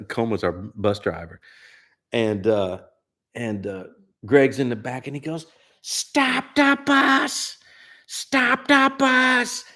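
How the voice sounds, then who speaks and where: A man's voice: fairly low pitch, a little mellow. A man, a singer-songwriter host telling rambling, laid-back stories in his living room and putting on friends' voices. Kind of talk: casual storytelling chat.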